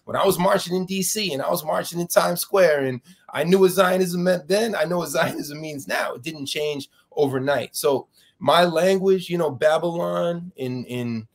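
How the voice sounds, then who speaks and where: A man's voice: on the high side, moderate pace, creaky. A man with a New York accent, a fired professor being interviewed, arguing his case with many restarts and rising intensity when indignant. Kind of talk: interview, impassioned argument.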